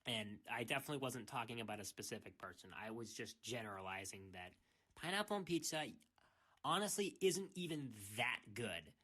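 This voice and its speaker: A man's voice: medium pitch, expressive, fairly quick, bright, forceful tone, breathy edge. A young man who streams, ranting casually in a rambling way. He restarts his sentences often and keeps saying "freaking". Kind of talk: casual rant.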